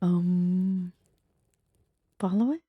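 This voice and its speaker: A woman's voice: fairly low pitch, extremely slow, breathy edge, no room sound, lo-fi sound. A young woman streaming a horror game, reacting casually, swearing and laughing at herself.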